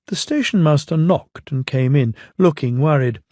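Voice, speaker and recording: A man narrating a children's railway story in an expressive, gently paced storytelling manner. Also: on the high side, normal speed, hardly any pauses, dry recording, studio quality.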